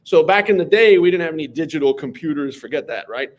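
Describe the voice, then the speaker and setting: A man, a math teacher telling school anecdotes as an interview guest in an animated, lively way. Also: on the high side, fast talker. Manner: animated, lively storyteller who acts out voices.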